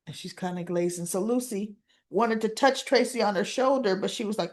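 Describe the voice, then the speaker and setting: A woman's voice: mid-range voice, moderate pace. A woman recapping a soap opera episode in a casual, chatty way, acting out the characters' lines and laughing often.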